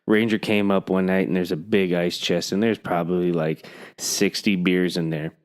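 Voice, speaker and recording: A man in loose podcast banter, his voice sitting very low with a clean, resonant ring. He rambles through stories and does not mince words. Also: steady tone, normal speed. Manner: rambling storyteller, blunt and profane. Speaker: podcast co-host; coach. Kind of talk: casual chat.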